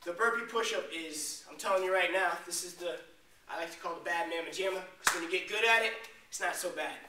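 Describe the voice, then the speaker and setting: A man working as a fitness trainer, demonstrating a workout in an energetic coaching way with jokes. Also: high voice, a little fast. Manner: energetic, joking coach talk while exercising. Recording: echoey room, distant mic, faint noise.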